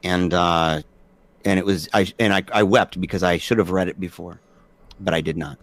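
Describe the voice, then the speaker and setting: A man in his forties tells stories as a podcast guest, bringing quoted dialogue to life. His voice sits a little low. The sound is dry and close. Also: normal speed, dry recording. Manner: animated, acts out quoted dialogue. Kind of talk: casual storytelling conversation.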